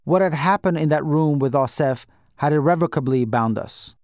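Gentle man reading an audiobook. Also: on the high side, dry recording, studio quality. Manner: measured, gentle first-person storytelling. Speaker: audiobook narrator.

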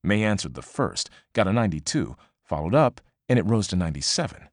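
A man reading a novel aloud as audiobook narrator, measured and expressive. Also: low voice, no echo, studio quality. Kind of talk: scripted narration.

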